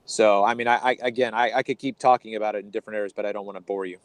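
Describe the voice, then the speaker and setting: A man's voice: on the low side, fairly even intonation, racing, no room sound, low-quality recording. Dry-voiced man explaining with many ums. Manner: hesitant, many ums and restarts, eager teacherly tone. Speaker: podcast co-host. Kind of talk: casual conversational explaining.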